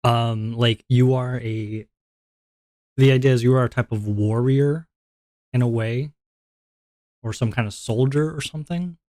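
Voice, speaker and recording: Slow, rambling male streamer. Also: mid-range voice, darkish tone, no echo, studio quality. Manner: rambling, many fillers and restarts. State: out of breath. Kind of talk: casual stream chat.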